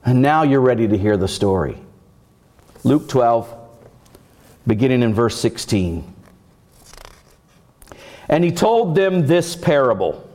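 A man's voice: mid-range voice, sing-song, darkish tone. A male pastor delivering a sermon, telling stories and putting on voices for the characters in them. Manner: storytelling with acted voices and dramatic pauses.

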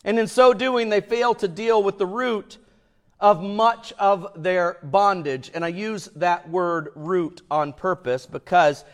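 Slow, emphatic high-voiced male pastor. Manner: emphatic, with swings between hushed and loud. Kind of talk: sermon.

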